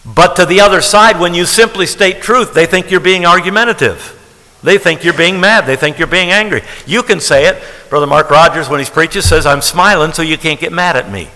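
A man's voice: fairly high pitch, fairly quick, bright, forceful tone, in a large hall, low-quality recording. A man preaching a sermon as pastor, talking in a conversational way and repeating key phrases for emphasis.

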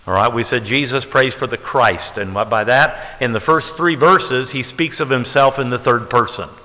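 A man preaching in an easy, conversational manner, slowing right down to lean on the words of scripture. His voice is bright and forceful, and it rings out into a long reverb in a large church space. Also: mid-range voice. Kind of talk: sermon. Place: church sanctuary.

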